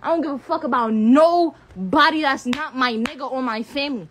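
A young woman of eighteen with a high voice vents on a live stream. She circles back to the same defiant lines again and again and curses freely. When her anger peaks, she stumbles over her words. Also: moderate pace, fairly bright tone. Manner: heated, profane, repeats phrases, stutters when upset. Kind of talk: angry rant on a live stream.

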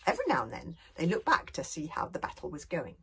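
A British woman, a children's author, reading her storybook aloud in an expressive way that often drops to a whisper. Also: sits low, quick pace, creaky, slight background noise. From United Kingdom.

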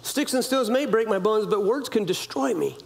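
High-voiced pastor preaching casually. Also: male voice, expressive, moderate pace, gravelly. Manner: casual storytelling with playful sound effects and quoted voices; conversational, asks congregation questions. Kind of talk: sermon.

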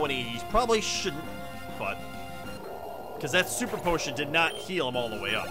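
A man hosting a game let's play, chatty and excitable, talking to viewers, his throat hoarse from coughing. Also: fairly high pitch, normal speed, long pauses, music in the background. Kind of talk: game commentary.

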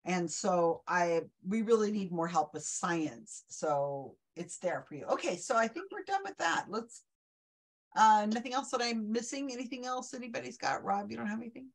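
Woman host, mid pitch, enthusiastic rambling chat over a video call. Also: expressive, normal speed. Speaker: trivia night host. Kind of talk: casual online group chat.

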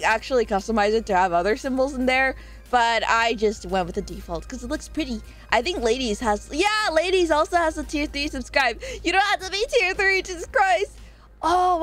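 A young woman streamer in casual live-stream chat, reading chat aloud with lots of swearing and laughing. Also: high voice. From Southern US.

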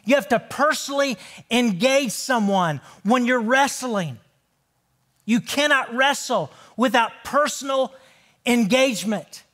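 A man pastor preaching a sermon in a church, moving between loud, emphatic proclaiming and hushed, near-whispered passages. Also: very high-pitched, expressive, unhurried.

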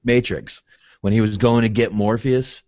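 Joking low-voiced podcast host. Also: male voice, fairly even intonation, moderate pace, darkish tone, dry recording. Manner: joking, profane, does silly voices. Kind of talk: casual chat. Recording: dry dull lo-fi audio.

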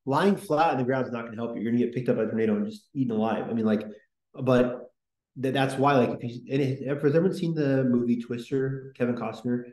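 A man's voice: medium pitch, fast talker, darkish tone, echoey room, low-quality recording. A man hosting a casual history podcast, talking in a rambling, enthusiastic way with lots of fillers. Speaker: podcast host.

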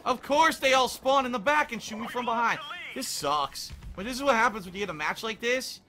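A man's voice: very high voice, fairly quick, sharp tone, soft background music. A young man commentating his own gameplay, ranting and swearing in exasperation. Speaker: gaming commentator. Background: faint gunfire from the game.

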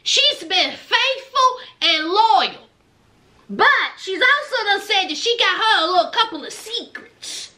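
A woman with a very high, bright, sharp voice dishes gossip about a reality show. She talks slowly and with sass, and her pitch swoops up and down in big animated arcs. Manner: sassy, gossipy, calls listeners "child" and "honey". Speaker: reality show recap host. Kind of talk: casual sassy show recap.

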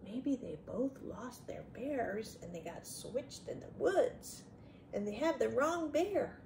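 A woman's voice: fairly high pitch, animated, slow pace, a little mellow, slight background noise. A woman reading a picture book aloud to children, stopping often to chat and ask the young listeners questions. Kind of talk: children's read-aloud with chatty commentary.

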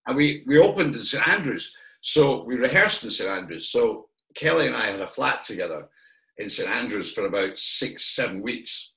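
A man's voice: medium pitch, animated, normal speed, creaky, fairly bright tone. A Scottish man from Perth, a guest actor, reminiscing in a casual chat and rambling with fillers and restarts. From Perth, Scotland. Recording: echoey room.

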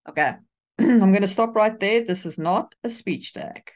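A woman's voice: mid-range voice, lively intonation, a little slow. A woman with a mid-range voice co-hosting a writing podcast. She talks in an easygoing, conversational way, laughing often and reading excerpts aloud as she edits. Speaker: podcast co-host. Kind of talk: casual editing discussion.

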